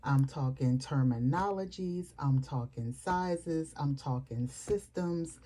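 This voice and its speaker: Woman, casual home vlog, rambling chatty manner, deep mellow voice. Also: takes it slowly, a little hiss or hum. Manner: chatty, rambling with fillers and asides. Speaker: planner vlogger. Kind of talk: casual chat to camera.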